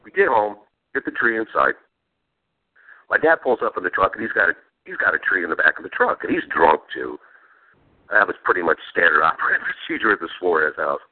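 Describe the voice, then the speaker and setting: Male podcast host, lively swooping voice, profane, laughing storyteller, tinny phone-like sound. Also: deep voice, a little fast. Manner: profane, laughing while telling stories. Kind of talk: casual storytelling chat.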